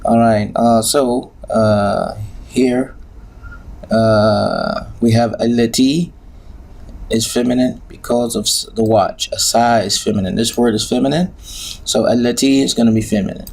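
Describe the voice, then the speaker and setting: Gravelly-voiced man teaching grammar. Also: medium pitch, steady tone, measured pace, darkish tone. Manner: patient, hesitant, many filler sounds. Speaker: Arabic teacher. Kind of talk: recorded grammar lesson.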